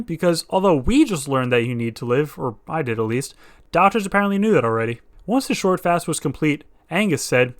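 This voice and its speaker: Sarcastic man narrating crude comedy. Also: a little high. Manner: sarcastic, crude, deadpan asides.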